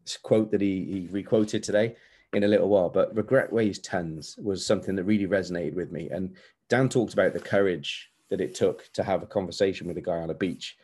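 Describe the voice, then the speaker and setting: A man in his forties talks straight to his podcast listeners in a low, dark, mellow voice. He is earnest and candid, and he hammers points home with repeated phrases. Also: steady tone, moderate pace. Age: 40s. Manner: earnest, candid, repetitive emphasis. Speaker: podcast host. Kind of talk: motivational podcast monologue.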